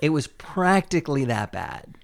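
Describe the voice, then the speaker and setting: Guy with a gravelly voice, chatting, dry jokey asides. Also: fairly high pitch, big pitch swings, a little slow. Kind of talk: casual chat.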